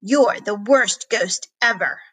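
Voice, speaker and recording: A woman reading aloud, voicing a brave, excitable young boy who shouts to take charge. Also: medium pitch, takes it slowly, husky, poor audio. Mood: daring.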